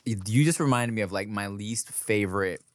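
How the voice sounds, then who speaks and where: A man chatting casually as a podcast co-host, relaxed and storytelling, often quoting his little daughter in a high voice. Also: brisk, dry recording. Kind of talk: casual crude chat.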